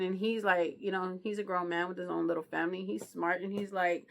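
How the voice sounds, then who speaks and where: A woman with a low, gravelly voice retells a true crime book in relaxed, slangy chat. She keeps checking in with the listener and talks as if to a friend. Her delivery is loose and conversational. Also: brisk, hardly any pauses. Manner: slangy, chatty, keeps asking "you know what I mean". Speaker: book reviewer. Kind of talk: casual true crime storytelling.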